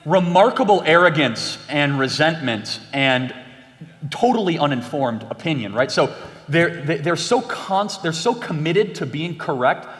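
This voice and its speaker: An emphatic young man argues his point in an animated conversation, his voice on the higher side. He slips into raised voices when he quotes others. The sound carries a long hall reverb. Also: unhurried. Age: young adult. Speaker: guest.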